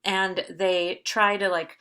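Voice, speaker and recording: A woman's voice: medium pitch, level tone, slow pace, bright, forceful tone, clear, resonant tone. A woman teaching in a recorded lecture video, explaining patiently with frequent fillers and restarts. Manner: reads verse with exaggerated stresses.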